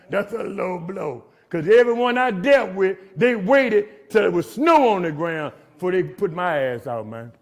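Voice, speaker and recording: A man's voice: sits high, animated, unhurried, hardly any pauses. A middle-aged man speaking at a jail gathering, telling his recovery story in street slang and ending lines with "man.". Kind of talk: motivational recovery talk.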